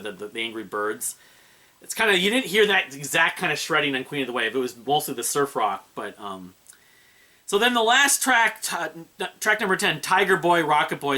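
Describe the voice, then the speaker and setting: Bright-voiced man rambling through an album review. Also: medium pitch. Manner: rambling, many fillers and restarts. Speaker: music reviewer.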